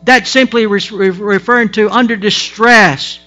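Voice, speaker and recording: A man's voice: high voice, fairly even intonation, normal speed, bright, forceful tone, highs cut off, faint music behind. A man preaching a sermon as pastor, emphatic and folksy, with frequent restarts.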